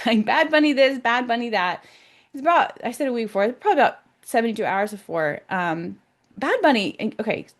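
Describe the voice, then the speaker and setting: Excited, emphatic woman talking to camera. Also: medium pitch. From United States. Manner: excited, emphatic, repeats words. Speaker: self-described psychic vlogger. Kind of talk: casual monologue to camera.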